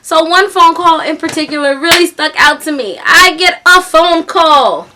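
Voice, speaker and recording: A young woman from New York telling a storytime vlog, animated and chatty, with lots of fillers, acting out the voices as she goes. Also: extremely high pitch, moderate pace, background noise. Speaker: vlogger.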